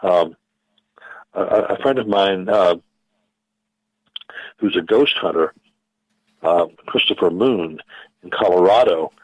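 Low-voiced man explaining with many pauses. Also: darkish tone, no room sound, rough recording. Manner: measured, halting, many fillers and restarts. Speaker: guest physicist. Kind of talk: radio interview explanation.

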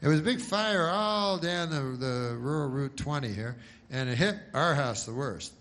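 A man's voice: on the high side, normal speed. A man voicing a proud rural farmer who brags insistently about his pig. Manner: excited, insistent storytelling.

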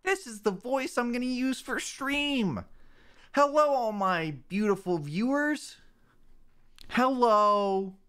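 Squeaky gushing streamer guy, sing-song and over the top, swoops all over, a man hamming it up. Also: animated, slow, fairly bright tone, clear, resonant tone, full character voice. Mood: mock-cheerful. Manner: exaggerated, sing-song, mock-cheerful. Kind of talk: comedic parody voice.

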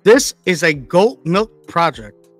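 A man's voice: high-pitched, very animated, slow pace, soft background music. A man co-hosting a casual chat, crude and teasing, swearing often. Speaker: show co-host.

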